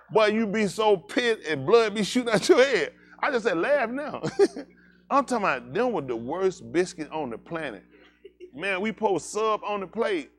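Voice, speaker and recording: A man's voice: on the high side, a bit bright. A male pastor, telling country stories to his congregation in a loose, joking way and laughing at his own jokes. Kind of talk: casual storytelling sermon.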